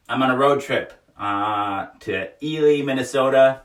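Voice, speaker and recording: A man's voice: mid-range voice, a little slow, a bit bright, recorded from a distance. A man hosting a casual livestream, reading viewer comments aloud, often laughing and joking frankly. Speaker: livestream host. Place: small wooden sauna. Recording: echoey room, voice away from mic.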